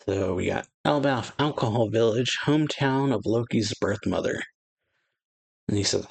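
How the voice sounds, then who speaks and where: A man's voice: fairly low pitch, takes it slowly, vocal fry, long pauses, husky, no room sound, rough recording. A man hosting an anime reaction, casually reading a manga chapter aloud with many fillers and restarts.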